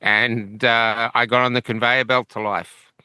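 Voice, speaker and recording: An Australian man tells his story as an interview guest, meandering through fillers and restarts. His voice is bright and crisp, and the recording is dry with no room sound. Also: medium pitch, level tone, a little slow, dry recording. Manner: rambling, with many fillers and restarts. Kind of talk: conversational storytelling.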